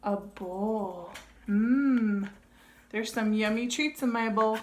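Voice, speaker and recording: A woman demonstrates how to read a picture book with a toddler. She speaks very slowly, in a bright, slightly high sing-song, with gasps of delight and playful sounds. Between pages she turns to the parents with simple tips. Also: a little hiss or hum. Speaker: early childhood educator. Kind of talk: reading a board book aloud to toddlers.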